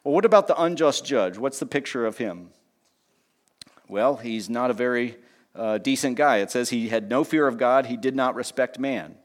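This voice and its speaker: A man preaching a sermon in a lively teaching tone, with conversational asides and small jokes. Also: moderate pace. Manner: lively teaching tone, pitch rising on key points and dropping low on asides. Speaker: pastor.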